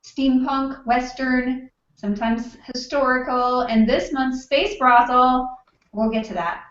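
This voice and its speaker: Her voice is high and a bit bright, with fairly even intonation, and she takes her time. Chatting and teasing from her home desk, she hosts a casual book club video call; the audio is echoey lo-fi webcam sound from a computer mic, initially the wrong one.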